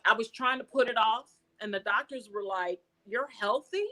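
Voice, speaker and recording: An American woman being interviewed, telling a personal story in a casual, animated way and acting out the dialogue she quotes. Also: on the high side, moderate pace, poor audio. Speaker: guest.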